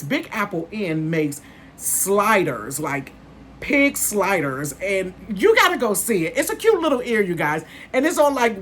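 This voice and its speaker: A woman in her fifties chatting casually to her viewers as a vlogger, calling them "honey" and "you guys" and bursting into excitement. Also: medium pitch, husky. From northern United States. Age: 50s.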